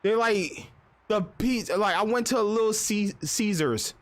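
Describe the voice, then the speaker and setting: A man's voice: high voice, unhurried. A man live-streaming, ranting casually and profanely in a rambling, storytelling way.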